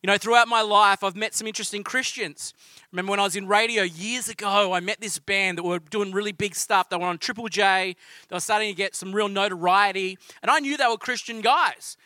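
A man's voice: high-pitched, fairly quick, bright, forceful tone, no echo. A man with an Australian accent preaching a sermon in a conversational, storytelling way. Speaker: pastor.

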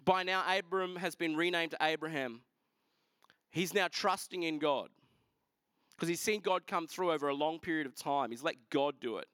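A man preaching a sermon, retelling a scripture story in a lively, casual way with asides to the congregation. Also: on the high side, moderate pace, smooth, dry recording. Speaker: pastor.

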